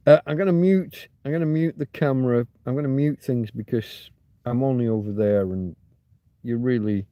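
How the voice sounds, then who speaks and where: A man's voice: mid-range voice, normal speed, long pauses, mellow, dry recording. A man hosting a rambling, casual livestream, musing aloud and swearing now and then. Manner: chatty, swears, muses aloud while reading. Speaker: livestream host. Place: home, Torrevieja.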